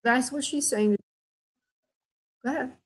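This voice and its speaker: On a call-in radio show, a woman spirit medium gives gentle, affectionate readings and calls her callers honey and sweetheart. Her voice is high-pitched, a little slow, and slightly rough, and the audio is poor.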